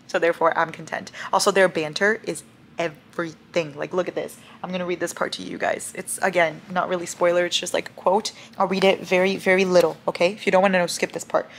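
Young female book vlogger, chatty and playful, lower voice, faint noise. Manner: chatty, gushing, playful asides. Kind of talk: casual reading vlog chat. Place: home at night.

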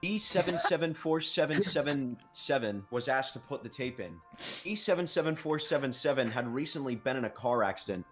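A man's voice: mid-range voice, expressive, a little fast, faint music behind. A man on a group video call casually presenting a made-up creature file, joking and laughing mid-sentence.

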